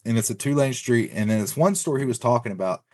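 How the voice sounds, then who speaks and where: A man's voice: medium pitch, animated, fast talker. A middle-aged man from Texas, a podcast guest rambling through a casual story with plenty of "you know" and "like.". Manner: rambling, filler-heavy retelling with many "you know" and "like".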